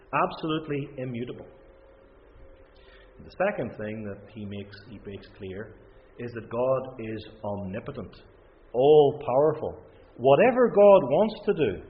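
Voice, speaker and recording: A man preaching a sermon, emphatic and building to forceful peaks, slowing to stress quoted scripture. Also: medium pitch, big-room sound, narrow, tinny audio, a little hiss or hum. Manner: slows and stresses scripture quotations.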